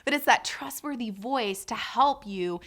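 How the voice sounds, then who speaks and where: A woman with a bright, forward voice talks frankly about supporting people through birth. She sounds candid and caring, and at times she drops into a gentle, soothing coaching tone. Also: a little high, animated, measured pace. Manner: warm, candid, drops to soft coaching tones. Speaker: doula and birth educator. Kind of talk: casual explanatory talk.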